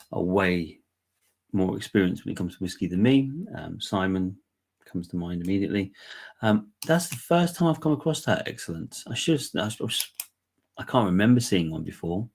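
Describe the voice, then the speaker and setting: A man chatting his way through a live whisky giveaway, relaxed and rambling with frequent ums. His voice sits a little low and sounds husky and congested, as if he's still bunged up. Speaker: whisky giveaway livestream host. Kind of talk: casual live chat.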